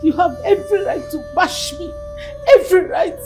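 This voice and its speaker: A woman's voice: very high-pitched, darkish tone, soft background music. An actress with a Nigerian accent playing an ashamed middle-aged mother who begs her daughter tearfully, in a film scene. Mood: pleading. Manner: slow, begging and tearful. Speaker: mother caught in an affair. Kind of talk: Nollywood film acting.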